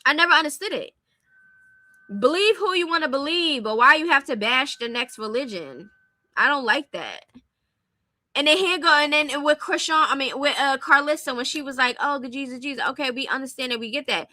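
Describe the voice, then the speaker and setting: A woman's voice: sits high, lively intonation, normal speed, sharp tone, dry recording. A young adult woman giving blunt, opinionated casual commentary and talking straight to her viewers. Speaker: commentary streamer. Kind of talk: casual commentary on celebrity gossip.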